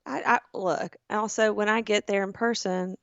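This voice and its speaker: Southern woman co-host, lively storyteller, slightly dull, dry sound. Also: mid-range voice, normal speed, no echo. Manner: animated storyteller, acts out voices. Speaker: podcast co-host. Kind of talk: casual chat.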